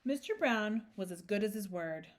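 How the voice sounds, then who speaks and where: A woman reads a picture book aloud as host of a storytime, breaking off for chatty, playful asides. Her voice sits at a middle pitch but moves in a lively, sing-song way. The reading is relaxed and unpolished. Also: moderate pace, slight background noise.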